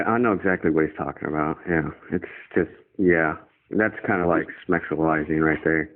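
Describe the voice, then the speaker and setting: A man's voice: rumbling low, measured pace. A man talking in a casual group chat, laid-back and blunt. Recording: tinny phone-like audio.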